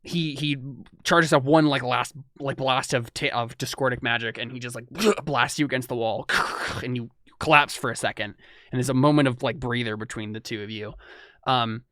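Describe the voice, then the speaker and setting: A man's voice: medium pitch, steady tone, normal speed, fairly bright tone, no room sound. Young man, game master, rambling narration, dry close mic. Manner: rambling, full of fillers and restarts.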